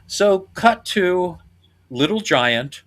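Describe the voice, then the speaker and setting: A man's voice: sits high, lively intonation, extremely slow, a bit bright. A man hosting a podcast, chatting casually and laughing often as he retells scenes. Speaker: podcast host. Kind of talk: casual chat.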